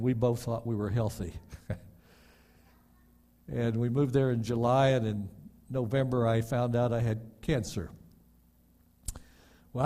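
An older man preaching a sermon as a pastor, rising loud and then dropping soft and low, often stammering on repeated words.

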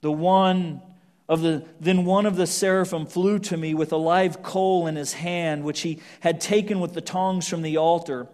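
A man preaching a sermon, swinging from loud emphatic scripture reading to hushed, almost whispered lines. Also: on the high side, fairly even intonation, normal speed. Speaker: pastor.

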